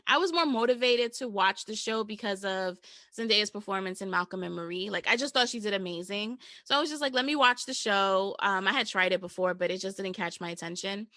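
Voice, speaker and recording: A woman's voice: mid-range voice, a little fast, bright, forceful tone, no echo. A young woman from New hosting a podcast, chatting casually and informally. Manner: chatty, informal, says "girl" and "y'all". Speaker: podcast host.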